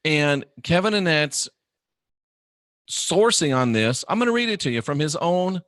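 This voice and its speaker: A man's voice: expressive, unhurried, dry recording, clean studio sound. Emphatic male host ranting. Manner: emphatic, swings from low drawl to loud indignant peaks. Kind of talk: ranting monologue.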